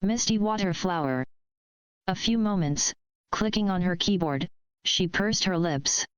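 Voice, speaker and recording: A woman reading a fan fiction story aloud in a steady, measured way. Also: fairly low pitch, clean tone, dry recording, rough recording. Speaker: story reader. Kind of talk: fanfiction read aloud.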